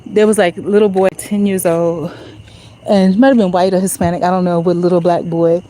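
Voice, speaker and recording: A woman's voice: on the low side, flat delivery, a little fast, dark tone, poor audio. A woman talking to her phone while walking outdoors at night, in a reflective, conversational way full of "you know". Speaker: vlogger. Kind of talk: casual walk-and-talk monologue.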